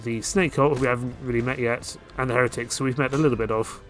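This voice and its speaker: Speaking fast in a medium-pitched voice, this man hosts a let's play with laid-back, casual commentary. He thinks out loud about his upcoming moves while faint game music plays underneath.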